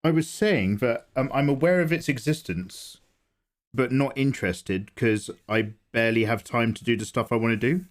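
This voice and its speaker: A man from England hosting a casual live art stream, greeting viewers and joking around with a sleepy, low-energy manner. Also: normal speed. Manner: chatty, greets viewers, self-deprecating jokes. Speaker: livestream host, illustrator. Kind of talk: casual livestream chat.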